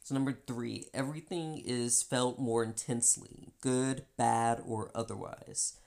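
A woman co-hosting a podcast, talking candidly about feelings in an animated way, often acting out voices and laughing. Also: extremely low pitch, a little slow. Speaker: podcast co-host. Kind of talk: candid personal chat.

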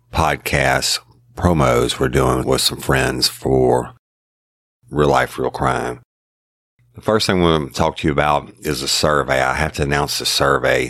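A man's voice: a bass voice, fairly bright tone, no room sound, clean studio sound. A man hosting a podcast in a drawling, folksy way. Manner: drawling, folksy, uses y'all. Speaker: podcast host. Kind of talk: casual podcast talk.

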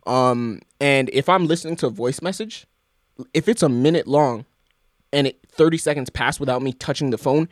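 A young man co-hosting a casual podcast, relaxed and slangy, calling his friend bro. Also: medium pitch, moderate pace, dry recording, clean studio sound. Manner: laid-back slang, says bro and man. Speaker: podcast co-host.

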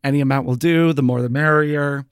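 A man's voice: mid-range voice, fairly even intonation, fairly quick, clear, resonant tone, no echo, studio quality. A young man co-hosting a podcast, casually riffing jokes and goofy tangents. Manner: joking, playful riffing. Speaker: podcast co-host. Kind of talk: casual chat.

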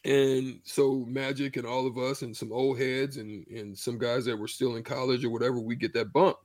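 A middle-aged man, a former basketball player, telling a story in a loose, animated way with slang. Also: medium pitch, moderate pace, dry recording. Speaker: former pro basketball player, show regular. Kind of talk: casual storytelling chat.

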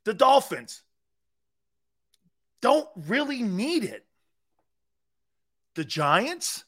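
Animated high-pitched sports talk host. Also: male voice, extremely slow, pauses often. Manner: animated, emphatic, argumentative with chuckles. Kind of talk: opinionated sports radio talk.

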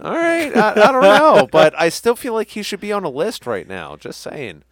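A man's voice: high-pitched, huge pitch swings, moderate pace, fairly bright tone, no room sound, clean studio sound. A man co-hosting a casual podcast, joking around with crude, playful banter. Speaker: podcast co-host. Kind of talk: casual chat.

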